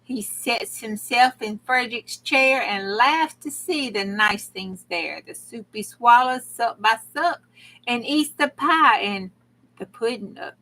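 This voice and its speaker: A woman reads old cautionary rhymes aloud in an unhurried way. Her voice is bright and sits a little high. She breaks off between verses with dramatic gasps and exclamations. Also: lively intonation, rough recording. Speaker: crafting channel host.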